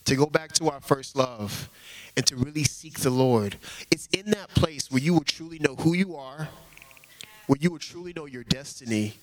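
A man with a fairly high voice preaches an informal sermon, earnest and conversational, often slipping in casual fillers. The audio quality is poor.

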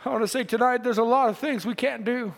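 A male preacher delivering a sermon, building from quiet reasoning to impassioned shouts. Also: extremely high pitch, quick pace, gravelly. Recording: long hall reverb.

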